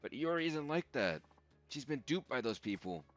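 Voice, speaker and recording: A man's voice: mid-range voice, sing-song, moderate pace, voice pushed up, close to an everyday voice. A man voicing a worried middle-aged mother who pleads for help. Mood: pleading. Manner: pleading, anxious, raised voice. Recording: dull lo-fi audio with game music.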